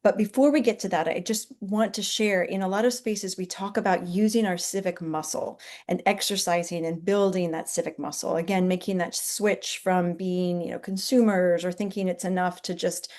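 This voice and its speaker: A woman's voice: fairly low pitch, fairly even intonation, moderate pace, few pauses, a little mellow. A woman hosting a webinar interview, affirming her guest and asking long, rambling questions. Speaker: webinar host.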